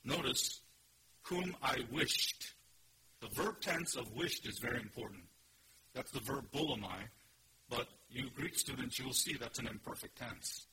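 A Korean pastor preaches an expository sermon in a medium-pitched voice at a moderate pace, with background noise behind him. He teaches earnestly and emphatically, putting questions to his listeners.

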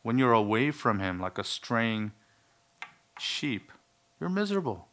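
A man's voice: lowish voice, slow, a bit bright, clean tone. A male pastor preaching a sermon in an earnest, emphatic way, with some humorous asides.

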